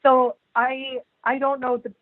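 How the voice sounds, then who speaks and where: A woman's voice: high-pitched, flat delivery, a little slow. A woman with an Irish accent, chatting casually as an interview guest and telling funny anecdotes full of "like" fillers. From Ireland. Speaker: guest, comedian and writer. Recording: tinny phone-line sound.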